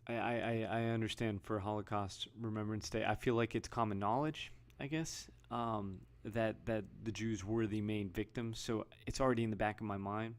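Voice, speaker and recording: A man's voice: fairly low pitch, steady tone, normal speed, few pauses, clear, resonant tone. A man giving casual, rambling video commentary, often restarting and reading headlines aloud. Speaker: vlogger.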